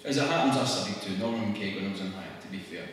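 A man with a Scottish accent giving a public talk to an audience, conversational and wry, with quick laughs. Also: lowish voice, slight background noise. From Scotland. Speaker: speaker at a public event. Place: church hall. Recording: echoey hall recorded from far off.

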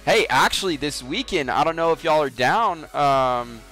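A man's voice: on the high side, animated, moderate pace, fairly bright tone, faint music behind. A man in his twenties chatting casually on a game livestream, swearing freely, teasing his viewers and laughing often. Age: 20s. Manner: joking, profane, laughs often. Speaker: game streamer.

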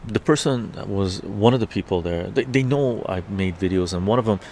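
A man's voice: fairly low pitch, a little fast, creaky, a little mellow, slight background noise. A man telling a story in a heated, profane live-stream rant. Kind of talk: ranting live-stream monologue.

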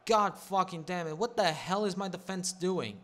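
A young man casually commentating a football video game, swearing a lot and getting loud at big moments. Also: high voice, normal speed. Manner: excitable, swears constantly, shouts at big moments. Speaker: gaming commentator.

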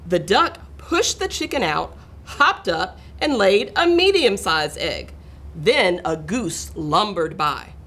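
A middle-aged woman reading a picture book aloud to children, expressive and talking to her young listeners. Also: medium pitch, slow, a little hiss or hum. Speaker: school administrator reading aloud.

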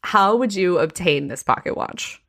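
A woman's voice: lowish voice, normal speed. A woman podcast host telling a story in casual chat, full of "like" fillers. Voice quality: frequent "like" fillers, animated retelling.

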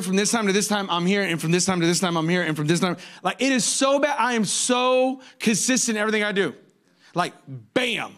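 A man in his forties preaching a sermon as a pastor, telling jokey stories with sudden high-pitched outbursts. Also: fairly bright tone.

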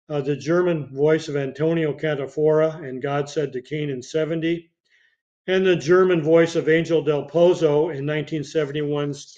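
A man with a slightly high voice hosts a podcast and reads through obituaries and film credits at a steady pace. He sometimes stumbles and restarts a phrase. The audio sounds dull and lo-fi. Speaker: podcast host.

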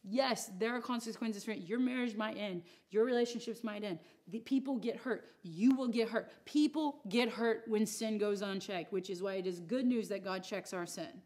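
A woman's voice: medium pitch, normal speed, hardly any pauses, darkish tone. Chatty woman teaching a Bible class. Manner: chatty and joking, with asides to the audience. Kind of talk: casual teaching talk.

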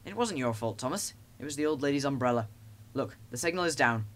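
A man's voice: mid-range voice, animated, quick pace, natural voice. A man voicing a kind, reassuring train guard in a storybook reading.

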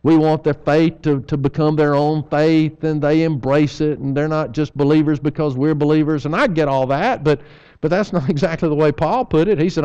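A man's voice: fairly high pitch, fairly even intonation, moderate pace, warm tone, clean tone, highs cut off. A man preaching an evening sermon in a church, folksy, with rhetorical questions and humorous asides.

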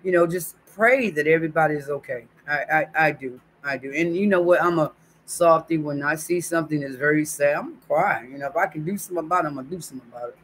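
A man talks casually on a live stream, his voice sitting a little higher than most men's. He chats warmly with his viewers and reads their comments aloud. Faint noise hums behind him. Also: fast talker. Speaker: YouTube livestream host. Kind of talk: casual livestream chat.

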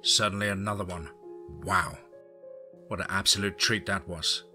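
A man's voice: low voice, steady tone, a little fast, bright, forceful tone, faint music behind. A man narrating a horror story aloud, then chatting enthusiastically to his listeners. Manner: enthusiastic, effusive.

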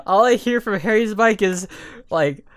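A young man casually telling a funny story to friends, swearing often and animated. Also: high voice, a little slow, background noise.

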